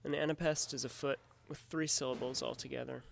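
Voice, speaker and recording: Guy with a gravelly voice, teacher going through a scripted lesson, steady and explanatory. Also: medium pitch, a little hiss or hum. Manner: measured, explanatory delivery.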